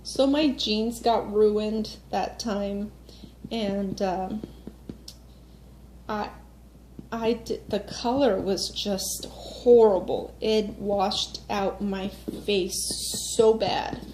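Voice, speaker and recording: A woman's voice: medium pitch, fairly even intonation, very slow, a little mellow, slight background noise. A woman in her thirties venting casually to her viewers, upset and speaking directly to them with frequent fillers. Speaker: vlogger. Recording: echoey room with faint ambience.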